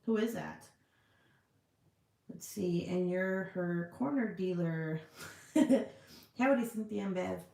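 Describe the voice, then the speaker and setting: A woman's voice: lowish voice, slow, gravelly, pauses often, dark tone, roomy sound. A woman hosting a casual livestream, chatty and profane as she answers viewer comments. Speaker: livestream host selling scented products. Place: indoor room.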